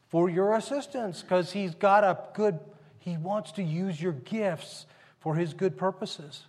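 A man's voice: sits high, slow pace, a little mellow, big-room sound. A man preaching a sermon in a conversational storytelling manner, often restarting his sentences. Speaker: pastor.

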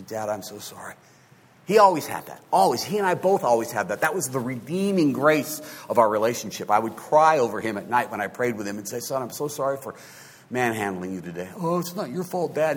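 A man in his fifties, a pastor telling a story in a sermon, swinging between hushed and loud. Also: on the low side, slightly rough. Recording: long hall reverb.

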